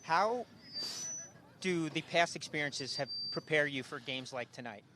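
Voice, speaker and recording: A man working as a sideline reporter, interviewing players outdoors after the match with brisk, upbeat questions. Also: a little high, background noise.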